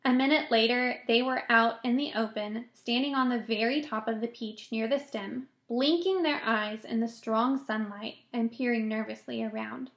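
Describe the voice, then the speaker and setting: A woman teacher reading a children's novel aloud in a clear, steady storytelling manner. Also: a little high, normal speed, hardly any pauses. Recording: roomy echo.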